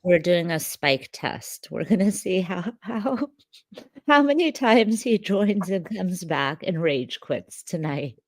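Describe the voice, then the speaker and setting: A woman's voice: lowish voice, lively intonation, slow, no room sound. A woman hosting a live stream and reading the chat, teasing her guests and laughing. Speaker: stream host. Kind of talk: casual chat.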